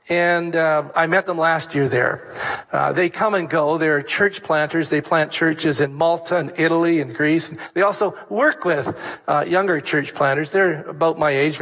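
High-voiced emphatic preaching man. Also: a bit bright. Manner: emphatic, repeats key phrases, rises in pitch to stress points. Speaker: pastor. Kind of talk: sermon.

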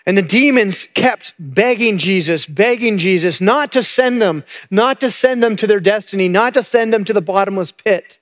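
High-voiced male preacher retelling a story. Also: moderate pace, few pauses. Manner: conversational, repeats words while thinking. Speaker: pastor. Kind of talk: sermon retelling a Bible story.

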